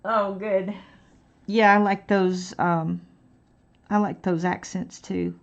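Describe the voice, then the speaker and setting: A woman's voice: medium pitch, little pitch movement, slow, gravelly, highs cut off. A woman chatting casually on an art live stream, rambling and thinking aloud as she colors. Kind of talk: casual chat while coloring.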